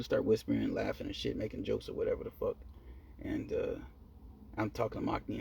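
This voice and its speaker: A man telling a personal story in a casual monologue, profane and animated, laughing at himself. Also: fairly low pitch, a little fast, creaky, a little hiss or hum. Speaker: storyteller vlogger.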